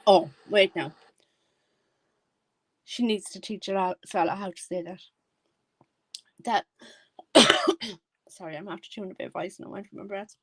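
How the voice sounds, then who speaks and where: A woman's voice: medium pitch, moderate pace, long pauses, dry recording. A woman hosting a live stream. She comments casually, rambles and corrects herself as she goes. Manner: rambling, self-correcting, chatty. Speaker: live-stream reaction host.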